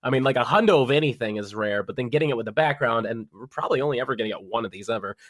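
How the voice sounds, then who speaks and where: Man, listener shout-out, enthusiastic, dry close sound. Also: medium pitch, rapid-fire, no room sound. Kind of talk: casual recorded message.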